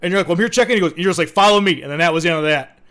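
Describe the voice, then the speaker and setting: A man hosting a casual chat, hyped and quick, hollering introductions to his guests. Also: high-pitched, a bit bright. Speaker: podcast host.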